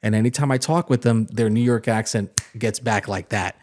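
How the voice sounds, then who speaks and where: A man's voice: on the low side, darkish tone. A man co-hosting a podcast in casual chat, chatty and agreeable, often chiming in. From Puerto Rican heritage. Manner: chatty, agreeable, quick to chime in. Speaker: podcast co-host.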